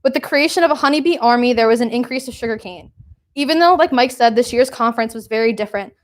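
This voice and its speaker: A woman's voice: fairly high pitch, fast talker. A young woman, a committee chair, giving an emotional award speech while trying not to cry. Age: young adult.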